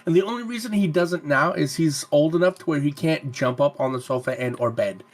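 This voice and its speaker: A man's voice: fairly high pitch, fairly quick. A man co-hosting a podcast in casual chat, teasing and arguing with his friends. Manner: teasing, argumentative. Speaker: podcast co-host and streamer.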